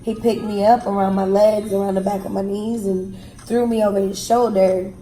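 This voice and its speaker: A woman telling a personal story in an interview, frankly and with pauses and fillers. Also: mid-range voice, little pitch movement, dark tone. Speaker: guest telling her own story. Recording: echoey room with faint music.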